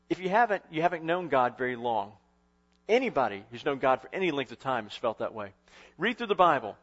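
A man's voice: mid-range voice, big pitch swings, fairly quick, fairly bright tone, lo-fi sound. A male pastor preaching a sermon in a conversational way, with frequent restarts, swelling and dropping in intensity. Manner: conversational, rising and falling in intensity with short restarts.

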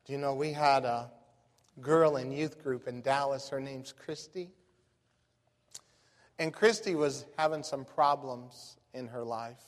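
A man, a pastor preaching a sermon in a folksy, animated storytelling way. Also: mid-range voice, unhurried. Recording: long reverb of a large hall.

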